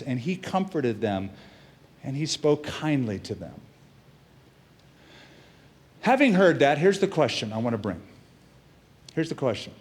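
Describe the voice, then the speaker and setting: A middle-aged man preaching as a pastor, telling the story in a lively way and acting out the characters' quotes. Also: moderate pace, pauses often. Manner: animated storytelling, acts out quotes with shifts in pitch and loudness. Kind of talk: sermon.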